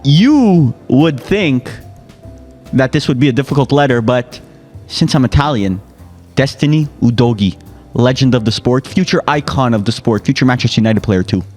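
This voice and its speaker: A man competing in a quiz with friends jokes around and trash-talks in playful banter. His medium-pitched voice is a little mellow, with lively intonation and normal speed, over soft background music.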